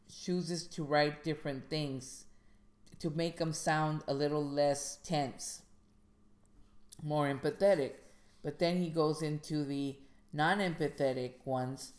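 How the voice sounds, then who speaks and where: A woman who is a podcast host and indie author reads aloud from a writing-craft guide in a measured way, then discusses it loosely with fillers and restarts. Her voice is deep and a little mellow.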